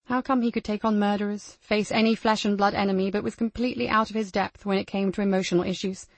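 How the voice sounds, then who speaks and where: A woman reading a crime novel aloud as the narrator, in a measured storytelling manner. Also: medium pitch, fairly even intonation, dry recording. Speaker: audiobook narrator. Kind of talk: scripted narration.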